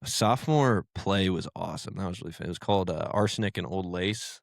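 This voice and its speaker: A man's voice: sits low, a little fast, gravelly, dry recording, clean studio sound. A young man co-hosting a podcast, casually telling stories with lots of fillers and restarts. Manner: rambling, storytelling with fillers. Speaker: podcast co-host. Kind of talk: casual chat.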